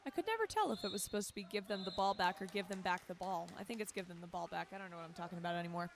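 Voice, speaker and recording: A woman's voice: fairly low pitch, lively intonation, rapid-fire, a little hiss or hum. A young woman doing live play-by-play commentary from poolside at a water polo match, chatty and self-deprecating, correcting her own slips as she goes.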